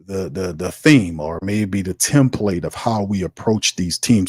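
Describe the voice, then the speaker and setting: A man's voice: low voice, unhurried, a little mellow, husky, no echo, clean studio sound. A man hosting a sports talk livestream, ranting with exasperation, laughing often and tossing in "man" and "fam". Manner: laughs often, talks back to the chat. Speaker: sports talk show host.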